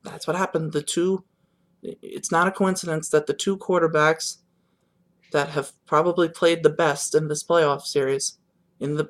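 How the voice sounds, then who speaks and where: A man's voice: fairly high pitch, fairly bright tone. A young man vlogging his reaction to the games in a rambling, subdued, disappointed way, with many fillers and restarts. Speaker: sports vlogger. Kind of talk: casual reaction monologue.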